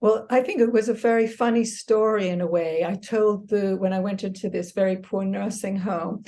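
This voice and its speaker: Older woman, from the US, earnest reflective guest, mid-pitched voice. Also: fairly even intonation, normal speed, dark tone. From United States. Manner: earnest, reflective, with restarts and light laughs. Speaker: author and exercise therapist, guest. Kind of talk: casual interview conversation.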